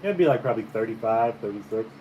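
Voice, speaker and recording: Relaxed man telling a story. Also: on the low side, fast, dull audio. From Caribbean. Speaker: painter and vlogger. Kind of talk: casual breakfast vlog chat. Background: faint fan hum.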